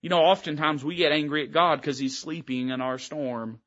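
Bright-voiced preacher. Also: male voice, fairly high pitch, normal speed, highs cut off. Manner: emphatic, rising and falling preaching cadence. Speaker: pastor. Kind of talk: sermon. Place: church sanctuary.

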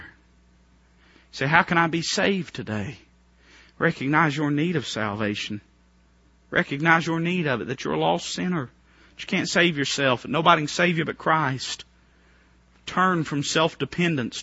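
A man preaching a fervent revival sermon, dropping to a hush and then rising to near shouts, with many rhetorical questions. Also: fairly high pitch, husky, no echo, highs cut off.

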